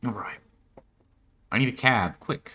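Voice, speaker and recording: A man's voice: medium pitch, measured pace, sharp tone, slight background noise. A man reading a story game's text aloud and making casual, swearing asides as a let's play host, while ill. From United States.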